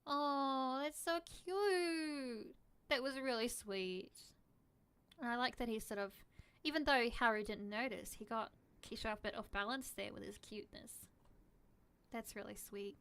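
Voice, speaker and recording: A woman's voice: medium pitch, moderate pace, a bit bright. A woman streamer reading a visual novel aloud, narrating and chatting casually while swearing freely.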